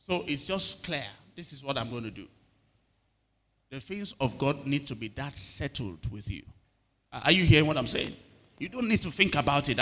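A man's voice: fairly high pitch, sharp tone, in a large hall. A middle-aged male pastor preaching a sermon and often asking the congregation if they are hearing him. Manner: preaching with repeated call-outs to the congregation.

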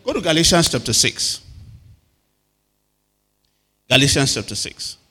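A male pastor preaching to his congregation and drawing answers back from them. His voice is bright and forceful, at an ordinary pitch for a man. Long reverb trails off every phrase, as in a large hall. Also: lively intonation, a little slow, breathy edge. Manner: calls to the congregation for responses. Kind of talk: sermon.

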